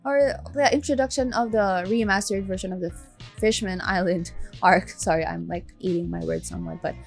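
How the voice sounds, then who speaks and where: A woman's voice: mid-range voice, fairly even intonation, moderate pace, creaky, soft background music. A woman doing casual anime reaction commentary, chatty and emotional as she talks straight to her viewers. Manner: chatty, addresses viewers directly; emotional, gushing.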